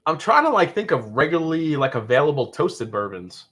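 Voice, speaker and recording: Lively, bright-voiced man hosting a stream. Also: fairly high pitch, a little fast, husky. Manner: joking, loose, profane. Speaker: livestream host. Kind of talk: casual live chat.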